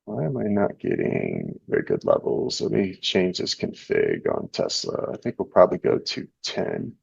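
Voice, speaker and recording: A man's voice: low voice, moderate pace, gravelly, breathy edge, no echo. A young man hosting a live trading stream from home, chatting casually and rambling as he reads the chat and looks over charts. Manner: relaxed and rambling, reading chat and charts aloud. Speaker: live trading show host. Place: home indoors. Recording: dull, dry lo-fi stream audio.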